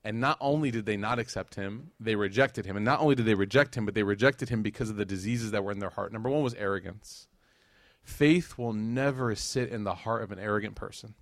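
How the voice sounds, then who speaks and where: A young adult man giving a religious lecture, telling a story with lively acted-out quotes and jokes to the audience. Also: on the low side, a little fast, no echo.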